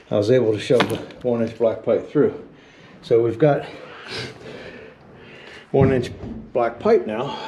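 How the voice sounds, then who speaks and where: Brief: man, mid-pitch, folksy and self-deprecating DIY vlogger talking through a hands-on job outdoors; clear clicky noise underneath. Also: warm tone. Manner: folksy, wry and self-deprecating, talks to viewers mid-task. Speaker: DIY home restoration vlogger. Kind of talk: casual narration while working. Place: outdoors at a house and well house, digging.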